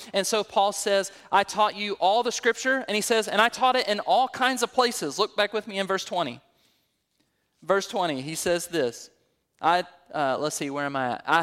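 A pastor preaches a sermon verse by verse through scripture, posing rhetorical questions and building to emphatic peaks. His voice sits high and is a bit bright, clear, and resonant. A long hall reverb surrounds the recording.

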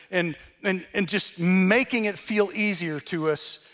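A man's voice: sits high, slow, hardly any pauses, a bit bright. Earnest older man preaching bluntly. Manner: earnest and blunt, with dry sarcasm. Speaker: speaker delivering a message. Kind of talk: sermon-style address.

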